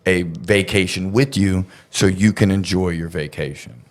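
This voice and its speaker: A man's voice: low voice, a little slow. A man casually telling a story on a podcast, rambling and profane, with lots of fillers.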